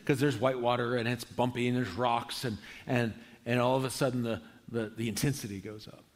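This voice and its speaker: A man preaching a conversational sermon as pastor, earnest and halting, often restarting his sentences. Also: mid-range voice, fairly even intonation. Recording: long hall reverb.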